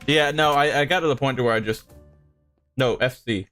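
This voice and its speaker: Man explaining mod commands, relaxed. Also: medium pitch, fairly quick. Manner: relaxed, explaining with restarts and chuckles. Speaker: developer of the game mod. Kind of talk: casual gaming chat on a stream. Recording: faint music behind.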